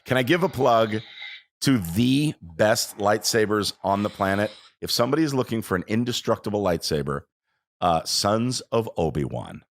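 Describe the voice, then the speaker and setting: A man's voice: fairly low pitch, big pitch swings, normal speed, no echo. A man guesting on a podcast, talking in an enthusiastic, heartfelt way. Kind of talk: casual podcast chat.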